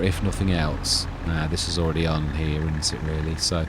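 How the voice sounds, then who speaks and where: A man's voice: a bass voice, level tone, moderate pace. A man hosting a farming game let's-play, chatting casually and thinking aloud as he plays. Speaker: gaming channel host. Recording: clear background game noise.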